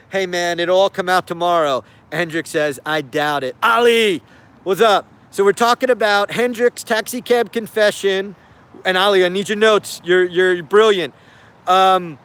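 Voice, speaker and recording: Animated high-voiced man hosting a stream. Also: smooth. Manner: animated, laughing, sarcastic, many fillers. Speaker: host. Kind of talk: casual live-stream commentary.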